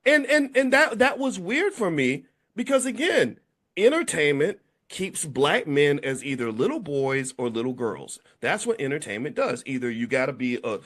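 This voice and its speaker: A man in his fifties talks straight to his audience in a loose, casual monologue. His voice sits a little high and swings widely as he acts out other people's lines. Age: 50s. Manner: animated storytelling, acts out quotes with big pitch jumps. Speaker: commentator.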